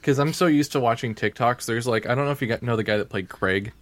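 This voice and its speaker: A man in an average pitch tells stories loosely as a podcast co-host. He leans on filler words and restarts, talking over a voice call from home. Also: fast, dry recording. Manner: rambling, heavy use of "like". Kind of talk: casual chat.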